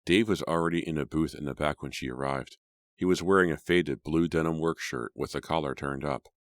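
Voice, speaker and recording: Very deep-voiced male audiobook narrator. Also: no echo, studio quality. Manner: measured storytelling. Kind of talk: scripted narration.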